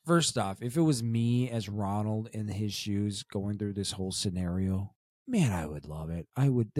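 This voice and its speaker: A young adult man co-hosts a podcast in a fairly low, warm voice, recorded in a clean studio with no room sound. It's a casual chat, and he rambles, restarting often and using many fillers.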